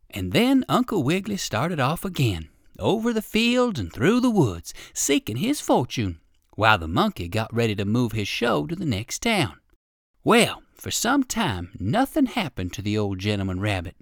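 A storyteller reading a children's story aloud, with a lively, playful manner and asides to the listener. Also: mid-range voice, normal speed, dry recording, clean studio sound.

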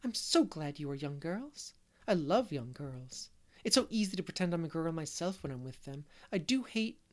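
A man reading aloud, voicing a lively middle-aged unmarried woman who loves make-believe and gushes over her guests. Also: on the high side, normal speed. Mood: delighted. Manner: gushing, fond of make-believe. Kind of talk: storybook character reading.

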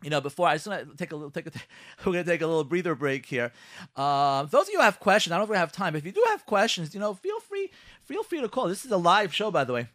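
A man hosting a live radio talk show, quick and animated, acting out heated quotes in his talk. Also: high-pitched, dry recording, studio quality.

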